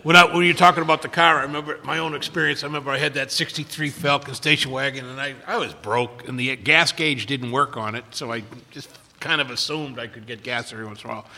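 A man's voice: medium pitch, fast talker, creaky, hardly any pauses, sharp tone. An older man sharing his recovery story in casual talk. He rambles, stops and restarts a lot, and stammers over his words. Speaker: recovery speaker. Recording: long hall reverb.

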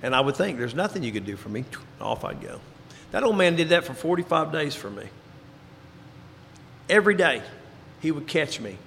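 A man giving a personal recovery testimony, telling his story and dropping into quiet, low tones for emphasis. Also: sing-song, normal speed, creaky, slight background noise. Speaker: recovery speaker. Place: large hall before an audience. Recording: reverberant hall, faint ambience.

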